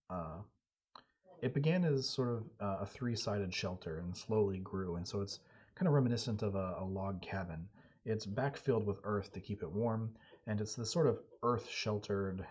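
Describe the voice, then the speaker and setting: A man narrating a solo tabletop game on stream in a relaxed, halting storytelling manner. His voice is husky and mellow and sits on the low side. The audio is dull and lo-fi. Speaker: game master and solo player.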